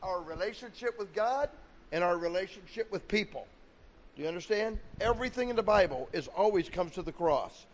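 A man delivering a sermon as pastor, his voice sitting high for a man. He slips into quoted voices as he preaches, and a long reverb rings behind him in a big hall. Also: lively intonation, fairly quick, a little hiss or hum. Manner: preaching with acted-out quotes of God and people.

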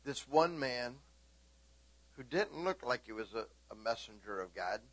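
A man preaching a sermon, animated, swinging between loud exclaiming and hushed talk. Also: medium pitch, unhurried, no echo.

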